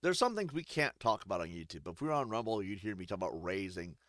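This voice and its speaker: Lively, bright-voiced joking male gamer. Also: lowish voice, fast, dry recording, studio quality. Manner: rambling, joking, profane storytelling. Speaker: gaming streamer. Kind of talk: casual let's-play commentary.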